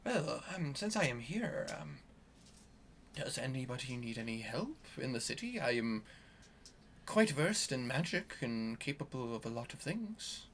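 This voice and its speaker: A man voicing a courteous male magic healer who speaks politely and softly, with hesitant fillers. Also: medium pitch, sing-song, measured pace, a little hiss or hum.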